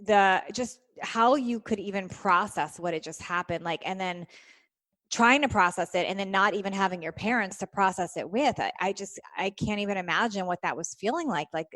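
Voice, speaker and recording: A woman's voice: medium pitch, normal speed, a bit bright, no echo. A woman in her thirties hosting a podcast interview, enthusiastic and gushing, laughing easily as she introduces and questions her guest. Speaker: podcast host. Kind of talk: casual interview.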